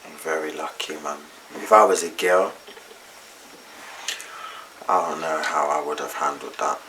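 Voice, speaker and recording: With a steady, bass voice that sounds pushed and bright, a young man takes his time recounting a personal story to camera. As a vlogger he keeps it chatty, slangy, and candid, over a faint hiss or hum.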